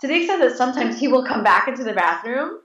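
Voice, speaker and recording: A woman's voice: on the high side, lively intonation, fast, fairly bright tone, lo-fi sound. A woman in her late thirties, an interview guest telling stories casually and animatedly, with many restarts and fillers. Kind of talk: casual conversational storytelling. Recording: echoey room.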